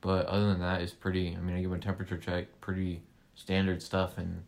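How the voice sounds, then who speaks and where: A man's voice: deep voice, monotone, brisk, creaky, a little mellow. A young man in his late teens co-hosting a casual home podcast, rambling with lots of restarts and fillers. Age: young adult. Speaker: podcast co-host. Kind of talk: casual chat.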